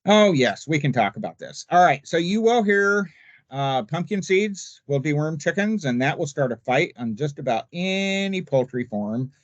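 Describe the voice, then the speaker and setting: A man's voice: fairly high pitch, animated, moderate pace, no room sound, highs cut off. An older man, a poultry expert, talking casually and folksily in a seminar, with an easygoing, jokey manner. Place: remote virtual seminar.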